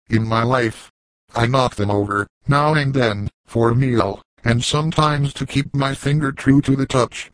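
A man's voice: mid-range voice, no echo, natural voice, poor audio. A man voicing a young frontier hunter who talks in a boastful, easygoing way.

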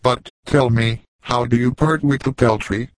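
A man's voice: mid-range voice, steady tone, dry recording, lightly acted, rough recording. A man reading as a grave old frontier trapper. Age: older. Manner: slow, measured, formal old-fashioned speech.

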